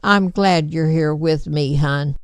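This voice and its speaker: A woman reading a gentle worried mother. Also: deep voice, takes it slowly, clear, resonant tone, no room sound. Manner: gentle, soothing.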